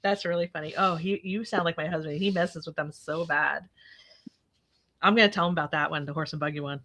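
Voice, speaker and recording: Hosting a relaxed live chat, a woman speaks briskly in a low, slightly bright voice with fairly even intonation. She's chatty and laughs a lot as she tells stories, voicing her husband's lines herself.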